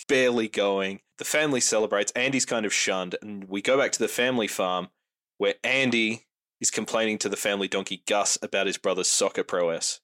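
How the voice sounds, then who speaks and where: A man hosting a podcast, recapping a film plot in casual, wry chat. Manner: wry, joking recaps with lively pitch. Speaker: podcast host. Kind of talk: casual movie review chat.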